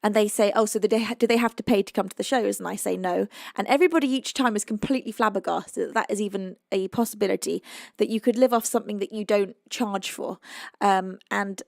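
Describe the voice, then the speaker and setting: A young woman from southern England chats casually with her livestream audience from home, reading their messages aloud. Her voice has a gravelly, fry-tinged texture and sits at a middling pitch. The sound is dry and close, with no room echo. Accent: English. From United Kingdom. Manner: chatty and emotional, reading out viewer messages, quick to laugh. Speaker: livestream singer and host. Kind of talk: casual chat with live viewers. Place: home, indoors.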